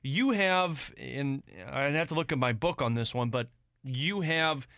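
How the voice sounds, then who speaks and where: A man hosting a casual sports talk show, breaking down hockey games in a measured, analytical way. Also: mid-range voice, a bit bright, no echo, clean studio sound.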